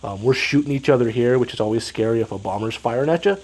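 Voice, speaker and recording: A man with a blocked-up nose talks through a strategy game match in a casual, analytical way. He walks through each move step by step, with a sniffly, congested tone. A steady noise sits clearly behind his voice. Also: mid-range voice, fast talker. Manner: analytical, explaining moves step by step. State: stuffed up, sniffling. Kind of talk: casual gameplay commentary.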